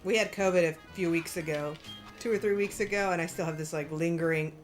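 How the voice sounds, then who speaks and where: A woman's voice: fairly low pitch, quick pace. Playful woman joining a game stream. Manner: playful, giggly. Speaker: co-host, streamer's wife. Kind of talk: casual chat. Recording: faint game music behind.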